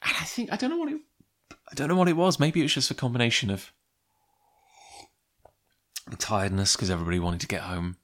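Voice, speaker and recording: A man's voice: medium pitch, animated, fast talker, long pauses, a bit bright. A man telling a personal anecdote in a chatty, rambling way with lots of fillers. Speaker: comic creator. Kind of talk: casual personal storytelling.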